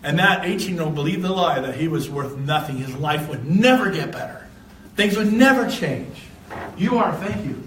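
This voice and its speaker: Animated high-voiced man speaking to a crowd. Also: normal speed, a little hiss or hum. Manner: animated storyteller, shouts and laughs. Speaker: real estate speaker. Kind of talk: motivational seminar talk. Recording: echoey room from a distance.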